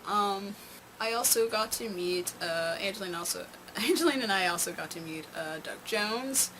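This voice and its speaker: Young woman vlogger chatting loosely, lots of "like"s and restarts, medium pitch, noisy mic. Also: moderate pace. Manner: rambling, many fillers and restarts. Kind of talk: casual storytime chat. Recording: noisy home recording.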